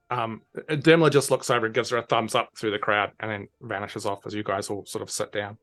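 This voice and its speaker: Female game master, animated narrator who slips in and out of character voices, light music bed. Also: rumbling low, normal speed, few pauses.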